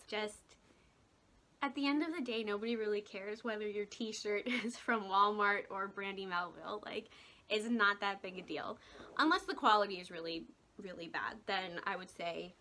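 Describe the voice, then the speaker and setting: Young woman vlogging, chatty and rambly, bright clear voice. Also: mid-range voice. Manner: chatty, rambling, laughs often. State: hiccuping. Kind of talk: casual chat to camera.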